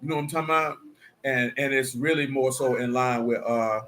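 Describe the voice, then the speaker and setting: Preaching man with a bright voice. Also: medium pitch, fairly even intonation, fairly quick, a little hiss or hum. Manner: conversational, streetwise preaching with rhetorical questions. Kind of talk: sermon mixed with casual asides.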